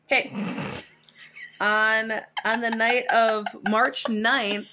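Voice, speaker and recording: A woman's voice: fairly high pitch, steady tone, extremely slow, pauses often, sharp tone, slight background noise. A woman co-hosting a casual true crime podcast, telling the story with swearing and frequent laughter. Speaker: podcast co-host.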